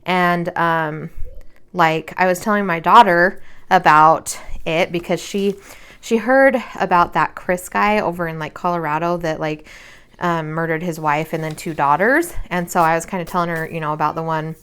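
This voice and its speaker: A woman's voice: lowish voice, fairly even intonation, moderate pace, fairly bright tone, clean tone. A tired woman in her thirties chatting casually at home while she crafts, rambling with lots of fillers. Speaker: crafting vlogger and mother.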